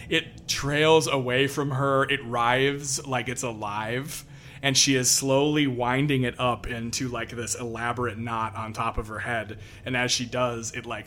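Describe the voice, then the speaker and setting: A man's voice: medium pitch, a bit bright, a little hiss or hum. A man narrating as game master in a casual, descriptive way with many fillers.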